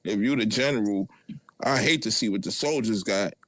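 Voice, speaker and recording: A man's voice: fairly low pitch, moderate pace, a bit bright, no echo. A man with a Brooklyn accent trash-talking a rival on a live audio chat in a taunting, profane, mocking way. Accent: Brooklyn New York.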